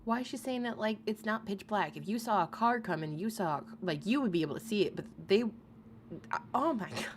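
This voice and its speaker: A woman's voice: mid-range voice, expressive, a little fast, background noise. A woman hosting a casual commentary live stream, swearing freely, laughing often and reading viewers' comments aloud. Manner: profane, laughing, reads chat aloud.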